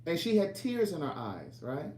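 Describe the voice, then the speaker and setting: A man's voice: a little high, big pitch swings, normal speed, warm tone, far from the mic, a little hiss or hum. Rambling storyteller man in an echoey room. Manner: rambling, repeats and restarts phrases. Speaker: author and vlogger. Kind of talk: casual storytelling to camera.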